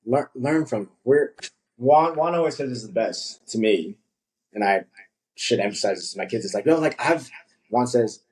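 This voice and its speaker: A young man, a coach, chatting casually on a podcast, telling animated stories and acting out what people said. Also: mid-range voice, normal speed, breathy edge, low-quality recording. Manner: animated storytelling, acts out quotes.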